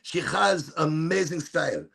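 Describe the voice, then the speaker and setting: A man voicing his excited older mother, gushing in broken English phrasing. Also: on the high side, measured pace, gravelly, husky, exaggerated voice.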